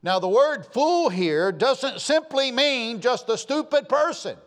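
A man's voice: very high voice, lively intonation, slow pace. A man preaching a sermon, emphatic and fond of repeating his key phrases. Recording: long hall reverb.

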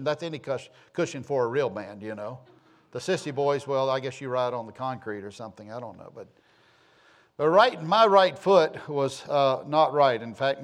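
Folksy middle-aged man telling a story. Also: fairly high pitch. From southern United States. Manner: rambling, homespun, self-deprecating humor.

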